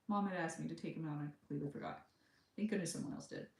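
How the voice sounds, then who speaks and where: A chatty American woman in her thirties tells a travel story to the camera, slipping into the voices of the people she quotes. Her voice sits a little low. The room around her is bare and echoey. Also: a little mellow. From United States. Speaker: vlogger. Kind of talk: casual storytelling vlog.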